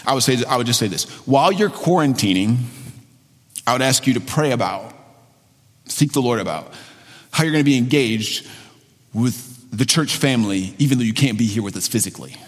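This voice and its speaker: A male pastor preaching in a church sanctuary, his voice carrying a long hall reverb. He speaks earnestly, often repeating and restarting his phrases as he pleads with the congregation. His pitch sits in a middle range for a man. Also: expressive, normal speed, long pauses, slightly rough. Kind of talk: sermon.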